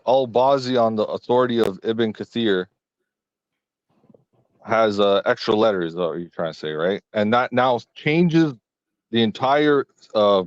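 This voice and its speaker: A man debating as a guest in a live online stream, speaking in a measured, careful way and insisting on his turn. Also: on the low side, no echo, muffled recording.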